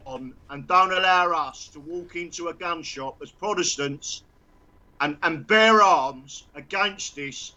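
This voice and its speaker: A man's voice: fairly high pitch, slow, pushed and bright, muffled recording. A man talking heatedly on a live stream, stammering and repeating himself.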